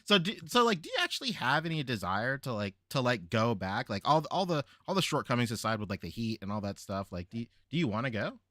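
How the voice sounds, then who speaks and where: A Filipino American man hosting a podcast, telling stories in an animated way with frequent laughs. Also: medium pitch, quick pace, few pauses, no echo, studio quality. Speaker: podcast host. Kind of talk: casual chat.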